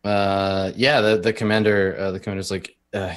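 A man's voice: low voice, level tone, normal speed, few pauses, smooth. A man running a tabletop role-playing game as game master, narrating scenes with frequent ums and uhs.

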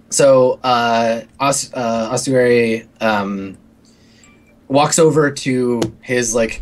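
A man acting as game master, narrating a science-fiction tabletop session in a loose, rambling way, thick with ums and likes. His voice sits in an ordinary middle male range. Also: mid-range voice. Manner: rambling, filler-heavy narration.

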